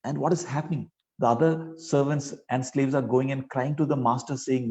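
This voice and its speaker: A man's voice: medium pitch, steady tone, normal speed, hardly any pauses, dark tone, poor audio. A man preaching a sermon, speaking earnestly and pleadingly to his listeners and often adding "you know" mid-sentence.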